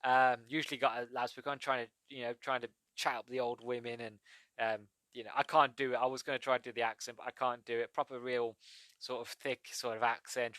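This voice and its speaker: A man's voice: medium pitch, level tone, brisk, fairly bright tone, no echo. A man with a British accent hosting his own podcast, chatting in a rambling, digressive way. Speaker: podcast host. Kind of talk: casual solo podcast monologue.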